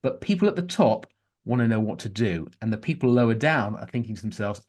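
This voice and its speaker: Animated man telling stories. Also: fairly low pitch, quick pace. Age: middle-aged. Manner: animated storyteller, frequent restarts. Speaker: podcast guest, journalist. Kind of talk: conversational interview.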